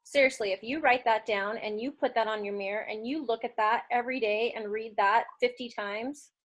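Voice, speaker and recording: A woman's voice: fairly high pitch, fairly even intonation, fairly quick. A woman hosting an online book club, enthusiastic and encouraging, laughing easily with her members.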